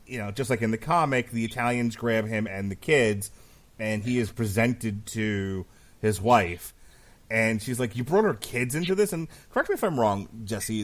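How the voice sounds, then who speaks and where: Male podcast host, mid-pitched, relaxed casual chat, steers the discussion. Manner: loose retelling, steers the talk, swears casually.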